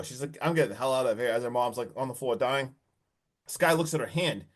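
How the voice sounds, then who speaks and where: A man casually recapping a horror movie on a podcast, animated and full of swearing, acting out the characters' lines. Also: medium pitch. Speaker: podcast co-host.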